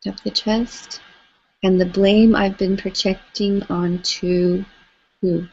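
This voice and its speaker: A woman leading a live tapping session, gently coaching listeners through phrases for them to repeat. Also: medium pitch, little pitch movement, takes it slowly, creaky. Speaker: EFT tapping facilitator. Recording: slightly dull lo-fi audio.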